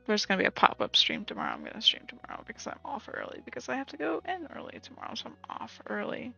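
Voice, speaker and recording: A woman's voice: fairly high pitch, wildly swooping pitch, fast, gravelly, sharp tone. A woman streaming a game, chatting casually and muttering to herself, sometimes dropping to a whisper. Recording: slightly muffled lo-fi stream audio. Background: faint game music.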